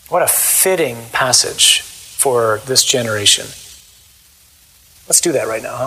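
Husky priest, animated, acting out quotes. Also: male voice, medium pitch, a little slow, pauses often, low-quality recording. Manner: animated, acts out voices in quotes. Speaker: Catholic priest. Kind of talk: talk and closing prayer.

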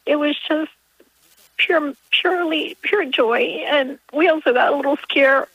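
A woman's voice: sits high, unhurried, no room sound. A woman in her forties calling in to share an emotional testimony, tearful as she talks. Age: 40s. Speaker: caller. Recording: muffled phone line, dry.

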